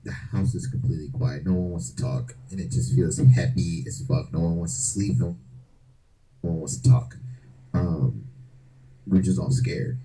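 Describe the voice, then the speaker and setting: A man's voice: low-pitched, normal speed, mellow, poor audio. A man co-hosting a podcast, telling a story in a loose, slangy, profane way. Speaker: podcast co-host. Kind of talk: casual storytelling.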